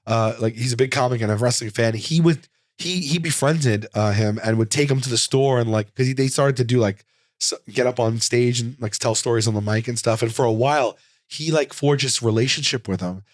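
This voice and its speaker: A man in his forties, a comedian guest, telling a rambling, animated anecdote in a casual interview, full of "like.". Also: mid-range voice, fairly quick, no echo, studio quality.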